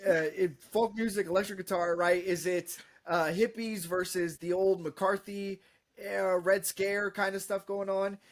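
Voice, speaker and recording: A man's voice: high voice, steady tone, measured pace. A man co-hosting a podcast, reviewing a film in casual, rambling chat full of fillers.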